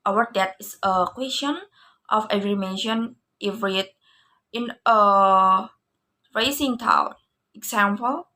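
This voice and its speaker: A woman's voice: medium pitch, takes it slowly, sharp tone. A young woman with an Indonesian accent, reading a student class presentation on English stress and repeating each example word twice. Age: young adult.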